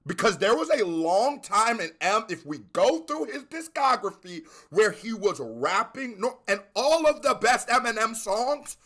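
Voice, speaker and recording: Bright-voiced man reacting to music. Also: sits high, a little slow, hardly any pauses. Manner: animated, bursts into shouted exclamations. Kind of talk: casual reaction commentary.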